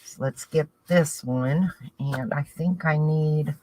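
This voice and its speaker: A woman's voice: sits low, slow pace, dark tone, a little hiss or hum, rough recording. A woman with a Southern US accent chatting casually to viewers, rambling and thinking aloud as she works on a craft project. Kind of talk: casual crafting chat to camera.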